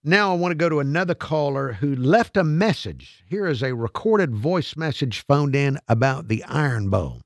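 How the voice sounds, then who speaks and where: A man's voice: mid-range voice, expressive, normal speed, few pauses, no room sound, studio quality. A man hosting a radio talk show, playful and self-mocking, often trailing off and restarting. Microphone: studio microphone.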